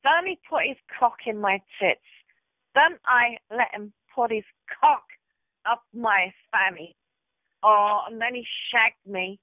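A woman's voice: a little high, slow, no room sound. A woman leaving an abusive voicemail rant, foul-mouthed, taunting and hostile. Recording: tinny phone voicemail.

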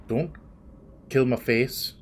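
A gaming video host does let's play commentary at a slow pace in a medium-pitched voice, jumpy and swearing nonstop as he talks to the game. Background noise and game music are audible.

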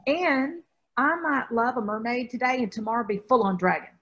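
A woman's voice: a little high, animated, moderate pace, a bit bright, lo-fi sound, a little hiss or hum. A woman from the US South, a spiritual teacher, talking with emphasis in a rambling way, often restarting her sentences. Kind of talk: spiritual talk in conversation.

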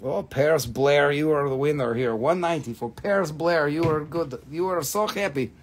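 In casual live sales chat, a man selling rocks and crystals on a stream cracks profane, teasing jokes and lapses into repeated fillers when flustered. He speaks at normal speed in a slightly high voice, and a little hiss or hum can be heard.

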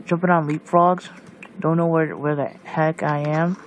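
Let's-play commentator, unhurried delivery, jumpy, yelps at in-game monsters, faint background hiss. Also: mid-range voice, level tone. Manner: jumpy, shrieks at monsters, mutters asides. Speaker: gameplay commentator.

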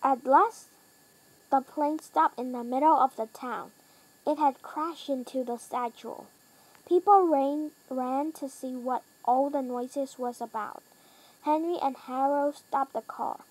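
A woman reads a children's storybook aloud, taking it slowly and carefully. Her voice sits high, and she stops to fix small stumbles. Her delivery is plain and steady. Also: low-quality recording. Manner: slow, careful reading with small slips and self-corrections; lifts pitch and volume for characters' lines. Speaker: reader.

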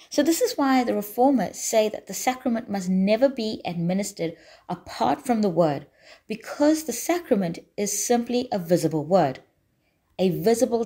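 Female preacher, mid-range voice, measured emphatic sermon delivery in a church. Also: mid-range voice, warm tone, slightly rough. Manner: deliberate, emphatic preaching with repeated phrases.

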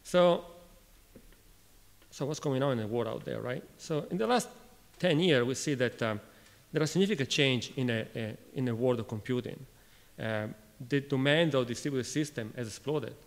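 Italian-accented man speaking in a hall. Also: medium pitch. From Italy. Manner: halting, frequent restarts and fillers, asks the audience questions. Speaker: conference speaker. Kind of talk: technical conference talk. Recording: reverberant lecture hall.

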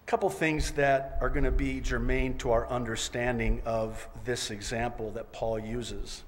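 A man's voice: mid-range voice, steady tone, unhurried, hardly any pauses, slight background noise. A man preaching a sermon as pastor, reading scripture emphatically and voicing its quoted lines with drama. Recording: long reverb of a large hall.

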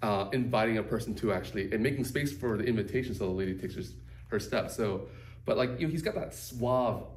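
A man's voice: fairly low pitch, fast. A man co-hosting a casual chat, rambling loosely with lots of fillers. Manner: rambling, loose, many "like" and "you know" fillers. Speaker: podcast co-host. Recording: roomy echo, distant from mic, faint background hum.

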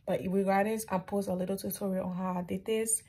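A young woman in her late teens vlogging at home in casual, chatty, upbeat talk full of slang, now and then dropping into soft whispery asides. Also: medium pitch, little pitch movement, brisk, slightly rough, rough recording. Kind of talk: casual vlog chat to camera.

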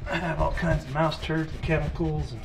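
A mechanic vlogger talks casually to the camera while working on an old truck in a garage and outdoor yard, easygoing, practical and dryly joking. His voice is gravelly and fairly high, with fairly even intonation and normal speed. Heavy background noise runs through the clip.

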